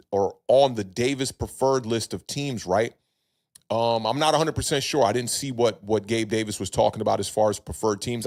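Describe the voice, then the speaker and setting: A man's voice: on the low side, a little mellow. A young man hosting a casual livestream sports chat. He reads chat comments aloud, greets chatters by name, and hedges with plenty of fillers. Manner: laid-back, hedging, many fillers, greets chatters by name. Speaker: podcast host reading live chat.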